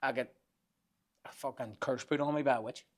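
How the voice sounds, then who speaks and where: A man's voice: mid-range voice, steady tone, a little fast. A man in his forties, a podcast guest, telling rambling, profane anecdotes and laughing as he goes. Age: 40s. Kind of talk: casual storytelling.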